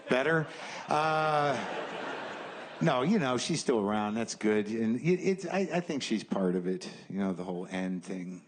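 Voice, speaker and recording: A man's voice: mid-range voice, animated, measured pace. A man in his fifties doing a stand-up comedy set, ranting in a profane, exasperated way. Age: 50s. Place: comedy stage. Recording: noisy live stage recording.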